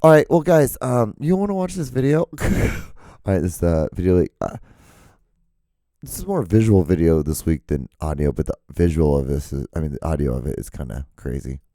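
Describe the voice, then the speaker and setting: A man hosting his own show in a casual, rambling monologue, with a hoarse, cracking voice. He swears freely and his voice jumps high when he gets worked up. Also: brisk, no room sound, studio quality. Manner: profane, excitable, voice jumps high when ranting. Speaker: podcast host. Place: home setup with lights and camera. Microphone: studio microphone.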